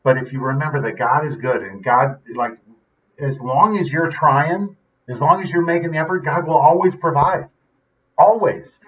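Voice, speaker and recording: A man's voice: on the high side, moderate pace, fairly bright tone. A man hosting a vlog, talking earnestly and in a rambling, casual way, often tagging his sentences with "right?". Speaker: vlog host. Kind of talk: casual motivational talk. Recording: dull audio from a distance.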